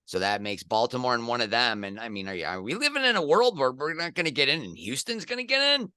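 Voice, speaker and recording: Animated, jokey man, bright voice. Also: mid-range voice, fast talker, clean tone, no echo, clean studio sound. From United States. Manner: animated, jokey, bursts into loud excited outbursts. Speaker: podcast co-host. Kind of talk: casual sports chat.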